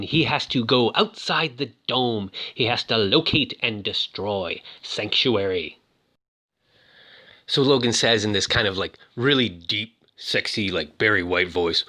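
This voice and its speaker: A man's voice: mid-range voice, pushed and bright. A man casually talking about toys, rambling with lots of fillers. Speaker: toy reviewer. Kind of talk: casual chat.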